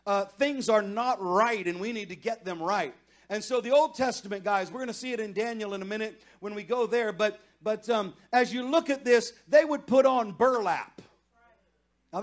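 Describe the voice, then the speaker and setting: Pastor type, high-pitched man, sermon delivery that climbs to fervent shouting. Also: normal speed. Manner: builds from conversational to loud impassioned pleading. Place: church sanctuary.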